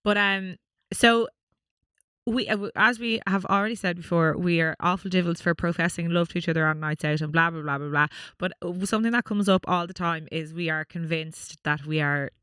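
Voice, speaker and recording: An Irish woman co-hosting a podcast, telling a story in lively, casual chat, swearing and using lots of fillers. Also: fairly low pitch, a little fast, smooth, no echo, clean studio sound. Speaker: podcast co-host.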